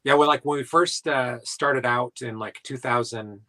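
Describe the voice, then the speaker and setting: A man from South Dakota talks about paranormal work in a casual interview. His talk rambles and is full of filler words, at a middle pitch. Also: fairly even intonation, moderate pace, sharp tone, rough recording. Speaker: paranormal investigator guest.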